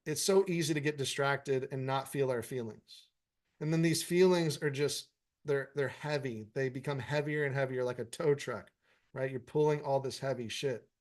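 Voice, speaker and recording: A man's voice: medium pitch, normal speed, darkish tone. Man, meditation teacher, informal live Q&A, blunt and profane but encouraging. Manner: frank, profanity-laced, encouraging. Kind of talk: casual live Q&A, reading viewer comments.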